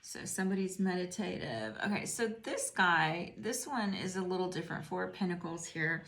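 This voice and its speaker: A woman's voice: fairly low pitch, expressive, normal speed, gravelly, fairly bright tone. A middle-aged woman giving a casual tarot reading, musing and rambling as she speaks to the viewer. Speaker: tarot reader. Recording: roomy echo.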